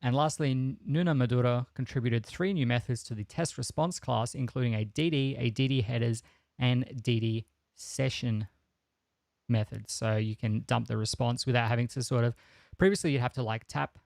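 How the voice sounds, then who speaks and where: A man with a South Australian accent and a gravelly, creaky edge to his voice, recorded dry and close on a podcast mic. He runs through news in a relaxed, matter-of-fact way and slips in deadpan jokes. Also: mid-range voice, no room sound. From Adelaide, Australia. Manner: relaxed, dry joking, brisk rundown of news items. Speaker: podcast co-host. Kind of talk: casual tech podcast chat.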